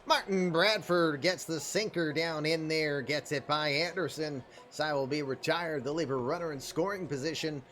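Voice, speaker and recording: A man calls a baseball game play by play in a relaxed, chatty way, tossing in jokes between pitches. His voice sits a little higher than most men's. Soft music plays faintly behind him. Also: normal speed, few pauses. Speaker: play-by-play announcer. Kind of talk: casual solo baseball commentary.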